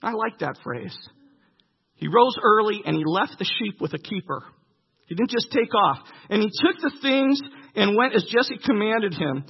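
A man's voice: high voice, vocal fry, husky. A man preaching a sermon, reading scripture aloud and breaking off to comment. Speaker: pastor. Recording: dull lo-fi recording with long hall reverb.

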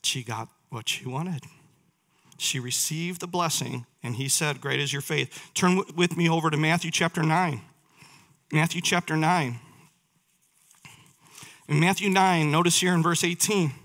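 Speaking a little slowly with long pauses, a man with a fairly high, slightly bright voice preaches a sermon. He reads verses aloud and asks his listeners questions.

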